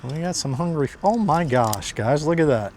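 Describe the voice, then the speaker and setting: A man hosting a fishing vlog, talking excitedly to viewers as he fishes outdoors from a kayak. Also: on the high side, normal speed, slight background noise. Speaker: fishing vlogger host. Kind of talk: casual running commentary.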